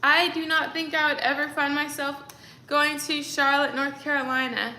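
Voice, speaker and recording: A woman's voice: high-pitched, steady tone, moderate pace, bright, forceful tone, slight background noise. A young woman chatting casually on a livestream, rambling with lots of fillers. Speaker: livestreaming creator. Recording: echoey room.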